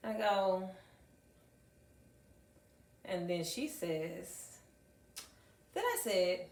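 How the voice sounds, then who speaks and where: A middle-aged woman, a high school math teacher, telling stories to an audience with emphatic repetition and acted-out dialogue. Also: expressive, extremely slow, darkish tone. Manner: emphatic, acts out dialogue, repeats phrases for effect. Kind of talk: storytelling talk to an audience. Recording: echoey room, mic at a distance.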